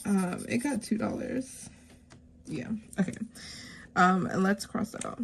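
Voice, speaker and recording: A woman in her thirties chatting casually while stuffing savings envelopes, rambling and heartfelt, with lots of fillers and softly counted money. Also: medium pitch, measured pace, gravelly, slight background noise. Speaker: savings vlogger.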